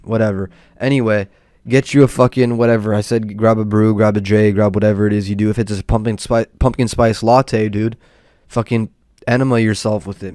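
A man's voice: lowish voice, a little mellow, clean tone, no room sound, clean studio sound. Profane, rambling young man ranting. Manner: profane, exasperated, rambling with many fillers. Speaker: podcast host. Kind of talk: casual storytelling rant.

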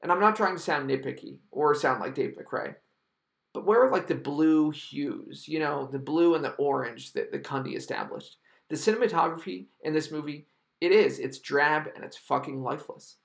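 A man's voice: a little high, normal speed, vocal fry. A man delivering an exasperated, profanity-laced film review monologue with heavy emphasis.

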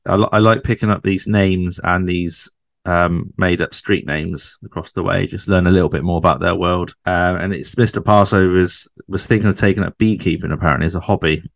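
A man's voice: low-pitched, steady tone, fairly quick, creaky, dry recording, studio quality. A man co-hosting a podcast in casual chat, chatty and fond of tag questions. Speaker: podcast co-host. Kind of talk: casual chat about a TV sitcom.

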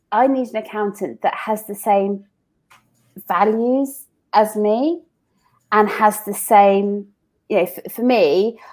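A woman's voice: medium pitch, a little mellow. A woman talks through her working life in a casual interview. She is chatty and loose, often stopping to restart or repeat a word before carrying on. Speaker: business owner guest.

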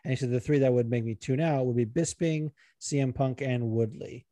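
A man co-hosting a casual podcast who rambles along, swears freely and gets animated. His voice is warm and mellow. The recording is dry and close. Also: mid-range voice, a little fast, no echo. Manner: rambling, profane, animated, puts on regional accents. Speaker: podcast co-host. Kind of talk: casual chat.

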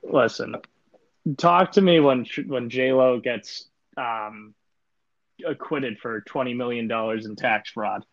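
A man chatting loosely on a sports podcast, speaking at a middling pitch and drifting through filler words and deadpan jokes. The sound is dry and a little dull, as if from a simple home mic. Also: slow, no echo. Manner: laid-back, rambling with many fillers, deadpan joking. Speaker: podcast co-host. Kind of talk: casual sports podcast chat.

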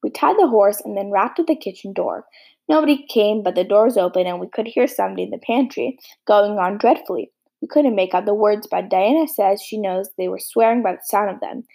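A woman reading the part of an eager, optimistic teenage girl, earnest and pleading, in a husky, gravelly voice. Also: mid-range voice, a little fast, a little mellow.

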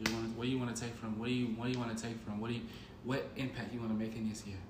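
A man co-hosting a casual podcast chat, playful and teasing, animated, often repeating words. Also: medium pitch, racing. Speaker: co-host. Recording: echoey room with noise.

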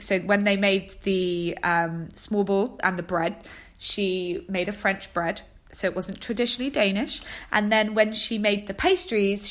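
A woman chats casually as a show host, her mid-range voice lively and full of quick asides. She sounds friendly and gossipy, jumping from one topic to the next. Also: medium pitch. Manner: chatty, animated, quick asides with laughs. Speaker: host of a chat show segment. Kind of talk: casual chat about baking and fashion.

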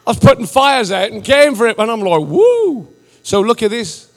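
A man preaching to a church, joking and animated, laughing often and rising almost to a shout. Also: sits high, fast talker. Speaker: visiting missionary preacher. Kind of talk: sermon, casual and joking. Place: large church hall. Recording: live church hall with reverb and faint music.

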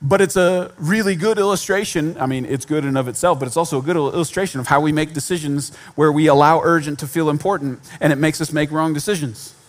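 High-voiced man preaching conversationally. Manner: conversational, with self-deprecating humor and repetition. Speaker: pastor. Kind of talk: sermon.

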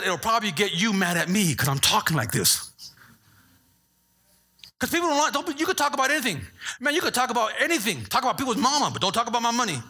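A man preaching a sermon as pastor, animated and playful, joking with the congregation between points. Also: sits high, husky.

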